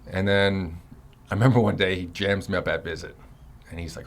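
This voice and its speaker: Rapid, deep-voiced man storytelling. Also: fairly even intonation, a little hiss or hum. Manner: rambling, profane, fillers like "you know". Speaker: son recounting his prison years. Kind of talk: casual storytelling.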